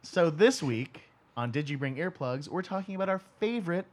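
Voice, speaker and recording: A man's voice: a little high, animated, normal speed. A man hosting a casual music podcast with friends, joking and restarting his sentences. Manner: joking, loose, hesitant restarts. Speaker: podcast host.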